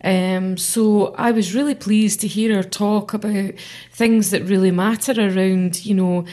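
A woman's voice: medium pitch, fairly even intonation, measured pace, warm tone. A middle-aged woman, a member of parliament talking earnestly in an interview, with many fillers and restarts. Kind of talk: conversational interview.

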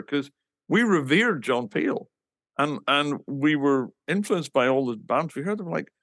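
Telling anecdotes about his band, this man from England acts out quoted lines with real animation and lets the odd swear word slip. He speaks at a normal speed in a slightly high, fairly bright voice. The sound is clean and studio-made, without any room noise.

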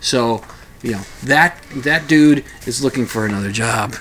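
A man's voice: medium pitch, measured pace, fairly bright tone, a little hiss or hum. A man talking casually at home, telling a story in a rambling, hesitant way with many restarts. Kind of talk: casual spoken commentary.

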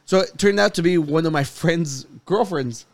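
A man's voice: on the high side, normal speed, no room sound. Laughing, rambling young-sounding man. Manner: rambling storyteller, laughs often, repeats words. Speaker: podcast host. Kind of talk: casual chat.

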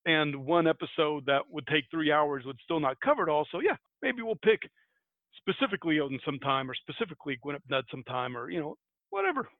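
Fast and with big swings in pitch, a fairly high-voiced American podcast host retells a folktale in a loose, chatty way, rambling and laughing at his own expense. The audio is dry and tinny, like a phone call.

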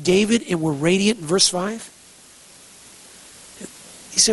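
A man's voice: high-pitched, moderate pace, long pauses, breathy edge, rough recording. A man preaching a sermon, emphatic, asking rhetorical questions and repeating key phrases. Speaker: pastor.

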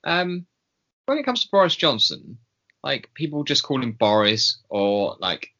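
A man with a bright, forward voice, co-hosting a casual podcast. He is wry and laughs often, and he gets animated when he makes a point. The audio is dull and lo-fi. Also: medium pitch, measured pace. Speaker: podcast co-host. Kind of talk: casual chat.

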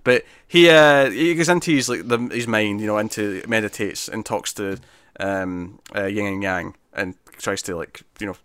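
A man's voice: lowish voice, moderate pace, a bit bright, clean tone, no echo. Guy on a podcast rambling along, lots of uhs and likes, dry close mic. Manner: rambling, lots of fillers and restarts. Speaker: podcast co-host reviewing comics. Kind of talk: casual chat.

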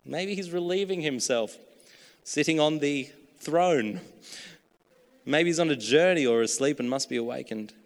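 A man voicing a smug male prophet who taunts his rivals in a sarcastic, high-pitched tone. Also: measured pace, long reverb tail. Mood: mocking.

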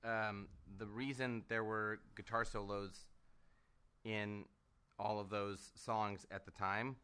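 Bright, smooth-voiced man musing. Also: lowish voice, level tone. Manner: thoughtful, halting, repeats words. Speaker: podcast co-host. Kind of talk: casual chat.

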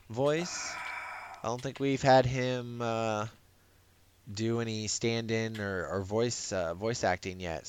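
A man co-hosting a podcast in casual chat, animated, laughing and often restarting his sentences. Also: lowish voice, clear, resonant tone. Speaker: podcast co-host.

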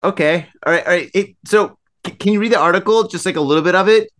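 A man's voice: sits high, fast talker, a bit bright. A man co-hosting a drinking podcast, chatting loosely and laughing a lot. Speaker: podcast co-host. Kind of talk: drunken casual chat.

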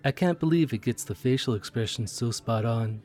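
A man's voice: mid-range voice, normal speed, natural voice. A man playing a chatty train conductor. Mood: friendly. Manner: chatty, curious, easily excited. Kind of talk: audio drama role-play narration.

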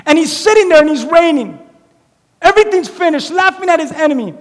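Guy pastor preaching, super high voice for a man, acts out quotes, big church echo. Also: a little fast. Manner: animated, conversational preaching with acted-out quotes. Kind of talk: sermon. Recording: echoey hall reverb.

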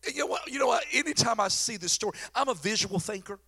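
A middle-aged pastor preaches with a bright, forceful edge to his voice. He tells stories and jokes in a folksy, animated way. His voice sits high for a man. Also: quick pace, slightly rough. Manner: folksy, joking, animated storyteller. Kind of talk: sermon.

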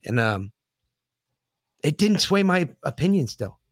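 Grieving man, halting and profane. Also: on the high side, very animated, no room sound, studio quality. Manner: halting, profane, emotional speech with many restarts. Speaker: podcast co-host. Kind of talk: casual podcast talk.

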